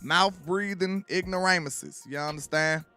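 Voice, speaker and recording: Southern guy riffing on football, bright voice, kinda high, music under him. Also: unhurried. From Alabama. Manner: loose and trash-talking, repeats "you know what I'm saying". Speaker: sports commentary host. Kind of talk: casual sports commentary.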